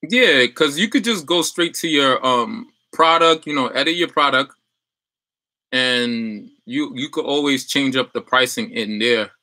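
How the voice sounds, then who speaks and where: A man's voice: mid-range voice, unhurried, sharp tone, no echo. A young adult man chatting loosely on a livestream as a business coach, full of fillers and restarts while reading viewer comments.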